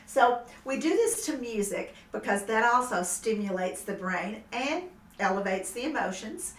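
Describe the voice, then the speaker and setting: A woman instructor calmly explaining seated movement exercises to a class. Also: medium pitch. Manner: gentle, explanatory, then animated emoting. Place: room with music playing. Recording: echoey room, mic at a distance, music behind.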